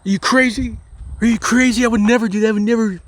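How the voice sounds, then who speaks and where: A man's voice: very high voice, steady tone, quick pace, voice pushed up. A man voicing a scheming farm wife who fakes grief and shrilly protests her innocence. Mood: indignant denial.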